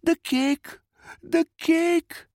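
A man's voice: sits high, slow, slightly rough, no room sound, studio quality, pitched above the performer's own voice, heavily acted. A man voicing an eager little girl who longs for cake, in a storybook reading. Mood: excited. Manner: squealing, breathless excitement.

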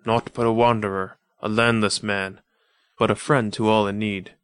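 A man voicing a stern wandering swordsman who speaks softly and soothingly, in old-fashioned phrasing. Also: fairly low pitch, little pitch movement, normal speed, clear, resonant tone, no echo, clean studio sound, close to an everyday voice. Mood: gentle, grave. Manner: soft, soothing, archaic speech. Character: grim wandering swordsman, gentle with the weak. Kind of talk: audiobook character voice.

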